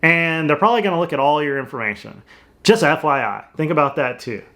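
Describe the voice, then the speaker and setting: High-voiced man giving chatty commentary. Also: fairly quick, pushed and bright. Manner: chatty, laughs between points. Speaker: host. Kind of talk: casual commentary.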